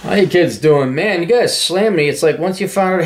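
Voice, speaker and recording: A man's voice: high voice, sing-song, normal speed, few pauses. A man hosting his own show, reading out listener comments and answering them in a sarcastic, rambling, self-mocking way. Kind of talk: casual solo commentary.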